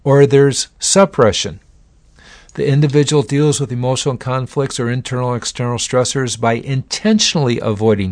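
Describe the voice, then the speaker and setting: A man's voice: medium pitch, no echo. A man giving an informal lecture on psychology and addiction in a folksy, conversational way. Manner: folksy, conversational, uses acted-out examples.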